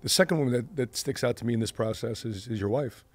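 A middle-aged man hosting a casual interview, energetic and quick with short interjections. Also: medium pitch. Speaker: podcast host.

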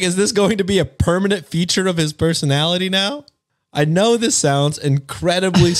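A man co-hosting a show, reading a post aloud with laughs and jokey asides. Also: a little high. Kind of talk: casual reading and reacting.

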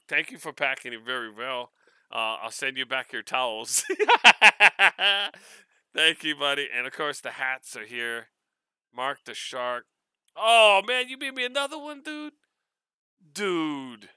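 A man from Hawaii with a Hawaiian-tinged accent, casually unboxing mail on his vlog, excitable and quick to laugh. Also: mid-range voice, dry recording. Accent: Hawaiian Pidgin-tinged English. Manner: excitable, laughs often, repeats words. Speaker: vlogger.

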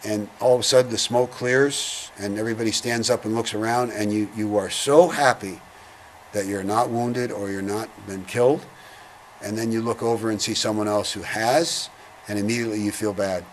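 An older man, a veteran giving an oral history interview, speaking in a reflective, halting way, heavy with feeling. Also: lowish voice, steady tone, a little hiss or hum.

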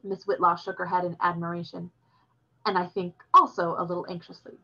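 A woman reading a novel chapter aloud in a steady, plain storytelling voice. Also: fairly low pitch, a little fast, dull audio. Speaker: reader.

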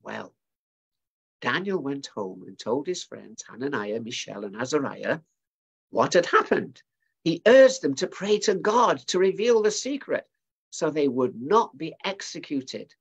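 A man's voice: a little high, big pitch swings, measured pace, creaky, husky, dull audio. A man preaching at a family service, retelling a bible story in a chatty way with asides to his listeners.

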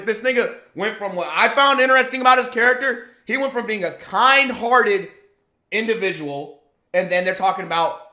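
A high-pitched man, an anime commentator, launches into a profane, exasperated rant. He fires off rhetorical questions and often shouts.

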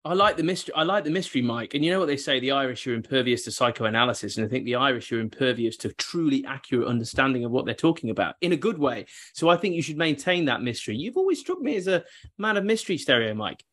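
A man's voice: mid-range voice, lively intonation, fast, fairly bright tone. A man hosting a football podcast, talking in casual banter with mock-grand, theatrical flourishes. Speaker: podcast host.

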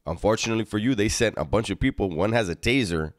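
A man's voice: fairly low pitch, expressive, quick pace, no echo, clean studio sound. A man hosting a casual chat, teasing and commenting on a guest's story. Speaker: podcast host.

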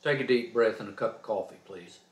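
A man's voice: fairly low pitch, fairly quick, echoey room. A man hosting his own trucking channel, talking off the cuff in a fired-up, preachy, emphatic way. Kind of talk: off-the-cuff vlog rant.

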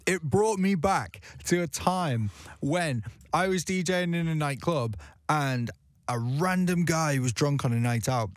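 A man's voice: fairly high pitch, measured pace, no room sound. A young man talking casually as a guest DJ in a radio studio interview, chatty and self-deprecating, with frequent restarts.

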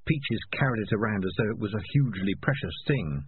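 A man narrating an audiobook in an expressive reading voice. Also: fairly low pitch, fairly quick, a little hiss or hum. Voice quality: husky. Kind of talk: scripted narration. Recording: lo-fi phone-like sound.

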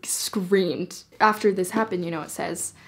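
A young woman excitedly reviewing a novel in a casual vlog, gushing and peppering her talk with "like". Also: on the low side, measured pace. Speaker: book reviewer.

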